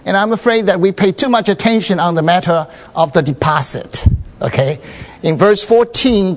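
A man giving an informal Bible sharing at a church meeting, talking haltingly with many fillers and restarts and often checking that his listeners understand. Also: high voice.

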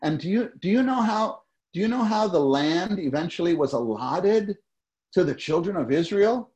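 A middle-aged male preacher with a slightly higher-than-usual voice delivers a sermon. He keeps it conversational, putting questions to his listeners and repeating phrases to drive them home. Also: expressive, moderate pace, a little mellow.

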